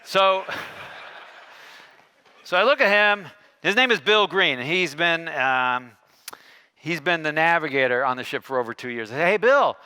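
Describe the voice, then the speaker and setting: Guy on stage doing a keynote, acts out all the dialogue, smooth clear voice. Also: medium pitch. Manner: animated, acts out dialogue with shifting tones. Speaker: keynote speaker. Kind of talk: storytelling keynote talk.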